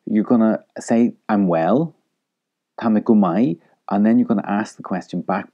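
A man's voice: fairly low pitch, normal speed, mellow, dull audio. A man teaching an audio language lesson, patiently repeating phrases for the listener to echo.

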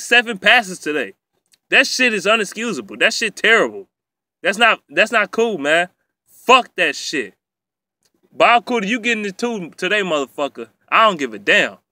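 A man's voice: high-pitched, bright, forceful tone, dry recording. A man in an angry, profane sports rant, talking heatedly and repeating himself. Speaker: sports fan ranting.

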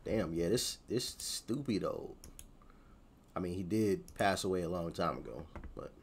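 A man's voice: sits low, unhurried, slightly rough. A man hosting a reaction video, talking casually in a joking, slangy way.

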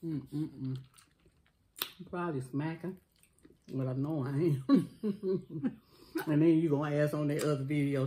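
A woman's voice: low-pitched, measured pace, pauses often, warm tone, slight background noise, poor audio. A woman chatting casually to viewers while eating, laughing a lot. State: coughing, choked up. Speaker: cooking vlogger. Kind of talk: casual food challenge chat.

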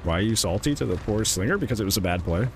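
A man's voice: fairly low pitch, expressive, racing, slight background noise. Young guy streaming a game, sarcastic and ranty, swears a lot, voice jumps all over. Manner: sarcastic, ranting, swears often. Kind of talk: casual gameplay commentary.

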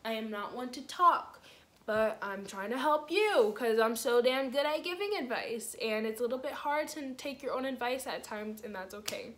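Earnest rambling woman, slightly high voice. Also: animated, a bit bright. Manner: fast, rambling, restarts and jumbles words; earnest, coaching, asks the viewer questions. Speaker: vlogger giving self-improvement advice. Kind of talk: casual motivational to-camera talk.

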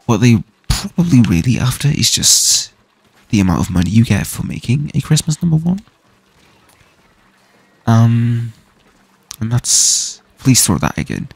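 Gravelly-voiced young man ranting while gaming. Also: medium pitch, animated, darkish tone, no echo. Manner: swears often, ranting, halting restarts. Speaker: gaming streamer. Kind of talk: casual rant while gaming.

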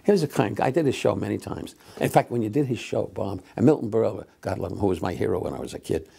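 A man in his eighties, a comedian telling old show-business stories in a rambling, halting way, full of fillers and wry asides. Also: fairly low pitch, animated, mellow. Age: 80s. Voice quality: gravelly, husky. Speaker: comedian reminiscing. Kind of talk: casual anecdotal storytelling.

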